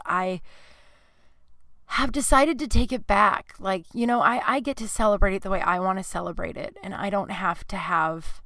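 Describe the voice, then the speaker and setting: A woman's voice: medium pitch, fairly bright tone, no echo. A woman hosting a podcast, speaking in a personal confessional monologue, emotional and at times crying, with many "like" fillers. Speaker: podcast host. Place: closet at home.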